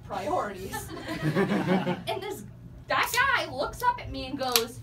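A woman's voice: high voice, sing-song, slow, recorded from a distance, very noisy. A young woman hosting a stand-up comedy show, chatty and self-mocking, telling her jokes from a club stage. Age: young adult.

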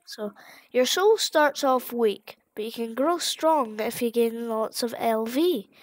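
A sing-song, two-faced flower creature from a video game, as a woman puts it on while she plays, its sweetness barely hiding something sinister. The voice rides a little higher than her own and stays slow and drawn out. The sound is close and dry, with no room around it. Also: dry recording. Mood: falsely sweet. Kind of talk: reading game dialogue aloud.

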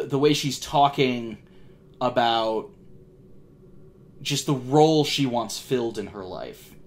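A young man hosting a TV reaction video, talking in a casual, rambling, self-deprecating way with frequent restarts. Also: mid-range voice. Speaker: reaction channel host.

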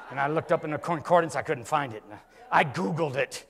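An older man, a pastor, preaching a storytelling sermon that swings from quiet talk to shouting, in a church. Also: on the high side, a little fast, a crowd in the background. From California. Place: church sanctuary. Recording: church hall with long reverb.

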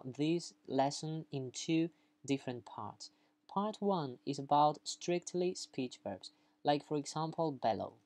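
A lively English teacher walks learners through vocabulary in a casual, talkative way. The teacher keeps checking understanding with quick asides and playfully acts out each example. The voice sits at an ordinary middle pitch. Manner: upbeat, chatty, keeps checking in with "okay?"; playful, acts out examples, laughs at own jokes. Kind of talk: online grammar lesson, explaining vocabulary.

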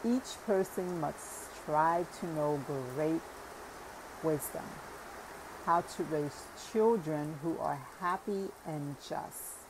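A wise older man who delivers slow, measured words of wisdom, voiced by a woman reading aloud. His voice sits low with a gravelly rasp in a storybook parable. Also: noisy background. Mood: solemn. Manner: measured, sermonizing pronouncements. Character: thoughtful wise older man, elder brother.

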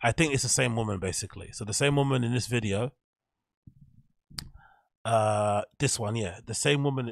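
A man's voice: mid-range voice, normal speed, gravelly, pauses often, dry recording, clean studio sound. A man hosting a podcast, giving rambling, blunt commentary while clicking through pictures. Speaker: podcast host. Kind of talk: casual commentary on a screen grid.

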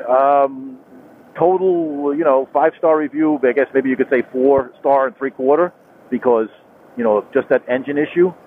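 Rambling man riding a motorcycle. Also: medium pitch. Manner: rambling, repeats himself, many fillers and restarts. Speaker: motorcycle vlogger. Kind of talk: casual talk while riding. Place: on a motorcycle on a rural highway. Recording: tinny phone-like helmet mic with road noise.

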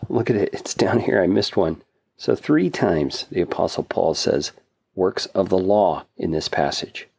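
Man, low and gravelly, earnest Bible teacher explaining a passage, a bit distant from the mic. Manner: earnest, explanatory, thinks aloud with small restarts. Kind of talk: casual Bible study teaching.

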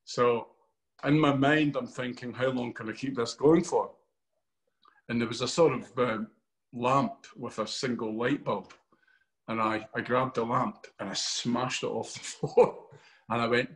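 Glaswegian guy in an interview, animated storytelling, swears a lot, voices the people in his story. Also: medium pitch, unhurried. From Scotland. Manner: animated storyteller, swearing often, acting out quotes. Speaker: actor. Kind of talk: interview anecdote.

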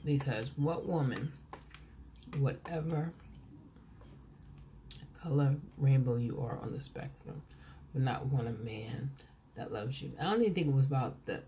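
A woman in her forties chats casually while eating in an at-home vlog, rambling and stopping herself mid-thought. Her rumbling low voice is mellow, and the camera mic adds a little hiss or hum.

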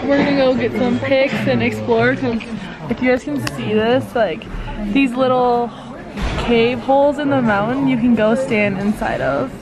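A young woman gasps and exclaims with excitement as she talks to the camera. Her voice is high. Music and a crowd can be heard around her. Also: normal speed. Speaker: travel companion. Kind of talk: casual chat. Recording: music and crowd noise behind.

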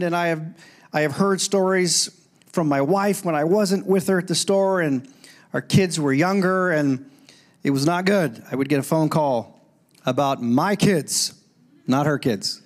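A middle-aged man preaching a sermon in a church, animated, breaking into loud calls when he quotes. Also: high-pitched, unhurried. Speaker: pastor. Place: church sanctuary.

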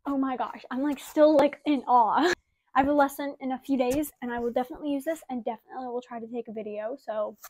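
High-voiced young woman gushing excitedly. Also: fast. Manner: gushing, excitable, many "like" and "oh my gosh". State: slightly out of breath. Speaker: vlogger. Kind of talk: casual unboxing vlog. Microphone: wireless mic.

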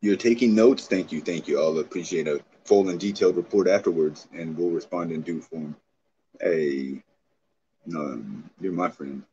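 Brief: man, very low voice, excitable profane streamer bantering with chat, dull lo-fi audio with faint hiss. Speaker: livestreamer. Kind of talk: casual livestream chat.

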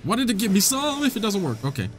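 A man's voice: high-pitched, wildly swooping pitch, fast talker, a little hiss or hum. A young man hosting a let's-play, commentating casually and joking back at the game's characters. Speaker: gaming channel host.

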